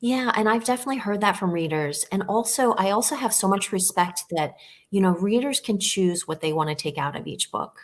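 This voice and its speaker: A woman's voice: medium pitch, lively intonation, a little fast. A woman author as a guest on a live video chat, talking earnestly with many fillers and telling stories with animation.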